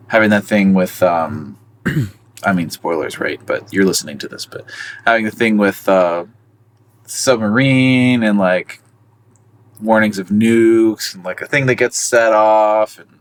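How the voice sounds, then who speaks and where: A man with a very low, deep voice co-hosts a casual podcast about films. He talks in a loose, wandering way, stopping often on fillers as he searches for his point. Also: slow, long pauses, a little hiss or hum. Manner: rambling, hesitant, full of fillers. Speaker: podcast co-host. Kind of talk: casual film discussion.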